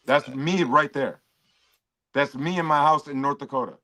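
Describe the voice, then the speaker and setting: An aggressive man rants and mocks in a heated livestream argument. His voice sits a little high and he swears constantly. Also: normal speed, crowd noise. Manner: aggressive, profane, mocking. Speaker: stream guest. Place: home.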